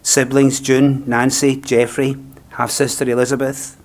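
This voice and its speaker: A man with a Scottish accent, a funeral celebrant speaking a eulogy in a gentle, reflective, unhurried way. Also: medium pitch, little pitch movement.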